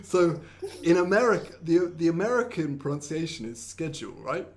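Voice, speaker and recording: A young man hosting a live online English lesson, playful, laughing often, switching into quick Korean explanations. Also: fairly high pitch, lively intonation, heavy background noise. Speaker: English teacher and host.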